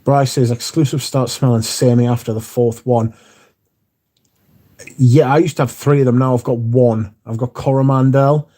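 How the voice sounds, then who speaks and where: A man's voice: mid-range voice, fairly even intonation, normal speed, mellow. A man hosting a casual livestream, reading viewer comments aloud and answering them, swearing casually. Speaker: livestream host reading chat.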